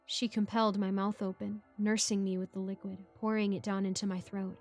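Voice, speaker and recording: A woman narrates a first-person horror tale in a measured, steady voice of middling pitch. Soft background music sits faintly beneath her reading.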